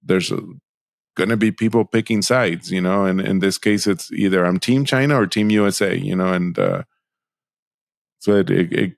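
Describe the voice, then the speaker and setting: A man co-hosting a podcast in casual discussion, speaking haltingly with many fillers and restarts. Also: low-pitched, vocal fry, no room sound, studio quality.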